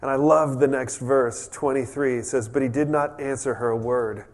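A man's voice: medium pitch, normal speed. Chatty man preaching a sermon. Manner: relaxed and chatty, with frequent restarts and humorous asides. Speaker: pastor. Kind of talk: conversational sermon.

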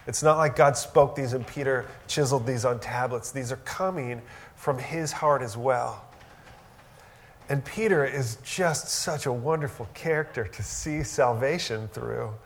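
A man's voice: medium pitch, unhurried, a little hiss or hum. A man preaching a sermon in a conversational, earnest way, now and then rising into emphatic bursts. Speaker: pastor.

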